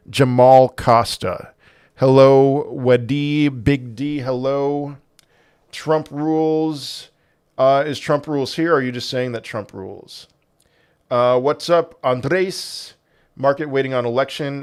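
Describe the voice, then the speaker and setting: A young man hosting a casual livestream, reading chat aloud and answering with dry sarcasm and halting restarts. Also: medium pitch, clean tone, no room sound. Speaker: livestream host.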